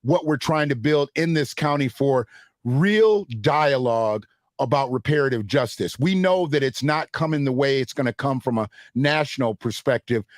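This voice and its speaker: A man hosting an interview show, talking in an animated, casual, slangy way. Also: mid-range voice, no echo, studio quality. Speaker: podcast host.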